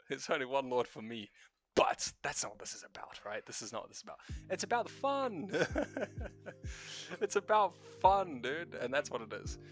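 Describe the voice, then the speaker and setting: A young New Zealand man with a New Zealand accent hosts a loose late-night stream chat. His voice sits on the higher side, with faint music behind him. He cusses casually and laughs a lot while he philosophizes. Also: sing-song, moderate pace. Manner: swears freely, laughs often, philosophical. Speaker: stream host.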